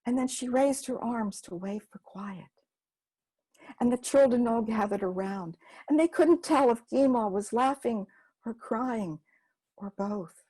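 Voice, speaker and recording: A woman's voice: mid-range voice, dark tone, slightly rough. A woman storyteller, narrating a folk story expressively.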